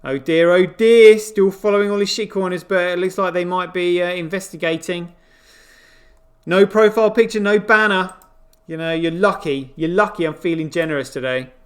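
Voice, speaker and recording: A man's voice: high voice, fairly even intonation, normal speed. A man hosting a crypto show, giving casual, incredulous running commentary on what he sees on screen, with frequent exclamations. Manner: exclaiming, incredulous, swearing asides.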